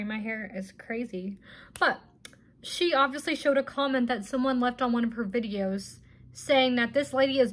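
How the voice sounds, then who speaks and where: A woman's voice: fairly high pitch, a bit bright. A woman hosting a casual reaction video, talking in an indignant, exasperated way. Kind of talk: casual commentary.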